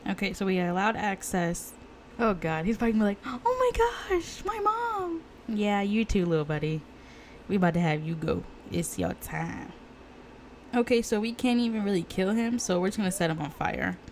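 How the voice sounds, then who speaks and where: A woman giving casual, profane commentary on her life-sim game, gasping and reacting loudly. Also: on the low side, a little fast, a little hiss or hum. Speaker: let's play gamer.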